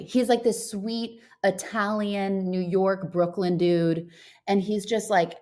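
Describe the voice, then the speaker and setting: Casting: female podcast co-host, lowish voice, animated storyteller. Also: measured pace. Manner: animated storytelling, acts out quoted phone calls. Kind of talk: casual chat.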